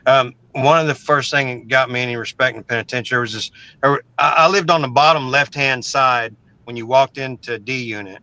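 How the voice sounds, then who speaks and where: Middle-aged guy from oklahoma, blunt, cussing a lot, tripping over his words, sharp bright voice. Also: medium pitch, a little fast, no echo, poor audio. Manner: blunt and profane, stumbling repeats. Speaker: interview guest. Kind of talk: casual storytelling.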